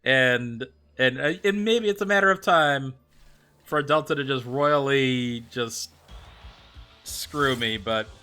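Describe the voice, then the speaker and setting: A man's voice: mid-range voice, slow, sharp tone, clear, resonant tone, soft background music. A man streaming and chatting casually with viewers, rambling with plenty of fillers and answering them by name. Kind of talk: casual livestream chat.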